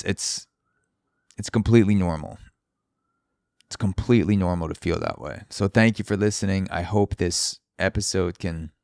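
A man's voice: sits low, gravelly, darkish tone, no room sound, clean studio sound. A man hosting a solo podcast, talking in an earnest, encouraging way and repeating points for emphasis. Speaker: podcast host.

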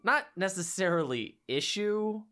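A woman's voice: expressive, unhurried, a bit bright. A woman co-hosting a casual podcast chat, enthusiastic and fond of acting out quotes in a raised voice. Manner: enthusiastic, acts out quotes in a high voice. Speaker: podcast co-host.

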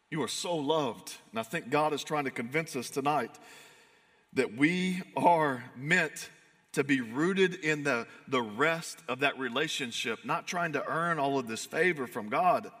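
Bright-voiced preacher man in a hall. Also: medium pitch, husky. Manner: earnest, emphatic, shifts between fired-up and hushed. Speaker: pastor. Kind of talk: sermon.

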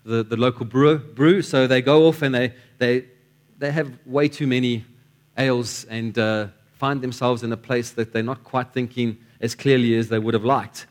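A man's voice: mid-range voice, fairly even intonation, moderate pace. Guy preaching in church, tells stories, stumbles and repeats words a lot. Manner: storytelling with repeated words and restarts. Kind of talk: sermon.

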